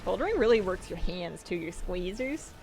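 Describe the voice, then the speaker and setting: Playful woman streamer, lively pitch. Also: moderate pace, soft background music. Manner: playful, rambling and self-deprecating, laughs often. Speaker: game streamer. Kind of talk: casual stream chat.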